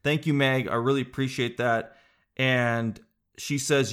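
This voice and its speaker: A man's voice: medium pitch, steady tone, a little slow, a bit bright, clean tone. A man who hosts a podcast and does stand-up comedy. He talks in a casual, rambling, joking way and swears now and then. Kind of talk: casual solo podcast chat.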